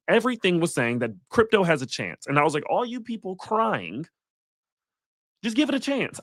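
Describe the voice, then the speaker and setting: Animated, blunt man hosting a crypto livestream. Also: on the high side, no room sound, studio quality. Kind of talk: live market commentary.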